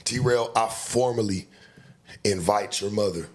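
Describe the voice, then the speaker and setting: A man's voice: on the low side, unhurried. A man talking casually on a livestream, laid-back, boastful and slangy.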